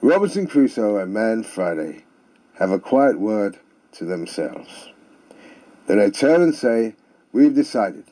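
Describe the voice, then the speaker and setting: A man's voice: fairly low pitch, sing-song, slow pace, warm tone. A man telling comic stories and jokes in a theatrical manner with sing-song refrains. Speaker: storyteller. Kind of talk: comic storytelling.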